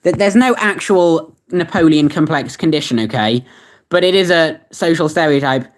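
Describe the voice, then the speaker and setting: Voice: medium pitch, moderate pace. A young adult streamer chatting casually while reading search results aloud, rambling and laughing at what they find. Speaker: streamer reacting to web searches. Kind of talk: casual chat.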